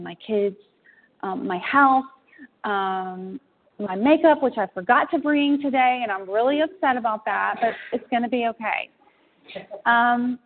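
A woman sharing her recovery story in a meeting, earnest and halting with frequent ums. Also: mid-range voice. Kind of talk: personal recovery share. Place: room at a convention. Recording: tinny phone line.

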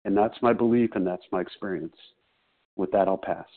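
A man's voice: deep voice, fairly quick, husky. Man on a phone-call meeting, firm and insistent, repeats his points hard, thin telephone sound. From Chicago. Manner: emphatic, repetitive, preaching conviction. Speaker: twelve-step meeting member sharing. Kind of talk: personal share on a phone meeting. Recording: tinny phone line.

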